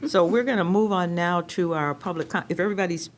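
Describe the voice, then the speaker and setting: A woman's voice: on the low side, fast talker, slight background noise. Joking, informal woman chairing a meeting. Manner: informal, joking, with filler-laden asides. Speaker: commission president chairing a meeting. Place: public meeting chamber.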